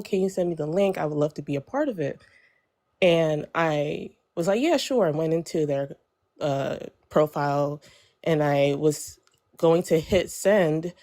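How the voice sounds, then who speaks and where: A young woman telling a personal story on a live stream in a casual, chatty way, full of fillers and quoted dialogue. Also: deep voice. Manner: chatty, lots of fillers, animated when quoting others.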